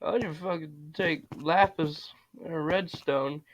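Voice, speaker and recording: A young man giving casual, profane commentary while playing a video game, with loud outbursts. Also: a little high, takes it slowly, no echo. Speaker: gamer. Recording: loud game music behind.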